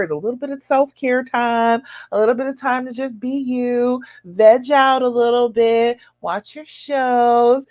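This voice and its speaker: A woman hosting a live stream as a love coach, chatting casually, reading viewers' comments and laughing often. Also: no echo. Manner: chatty, laughs often, swings pitch up when quoting viewers.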